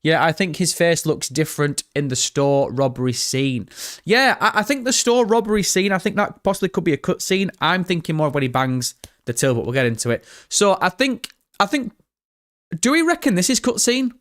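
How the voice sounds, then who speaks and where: A man streams live and talks through a trailer scene by scene for his chat. His voice sits a little high for a man, and he swears casually as he reads and answers comments. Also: big pitch swings, brisk, a bit bright. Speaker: gaming streamer.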